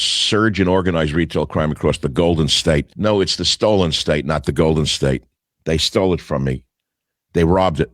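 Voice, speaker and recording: A man's voice: sits low, dry recording. An older man hosting a talk radio show, reading headlines aloud and answering each with sarcastic, scornful asides.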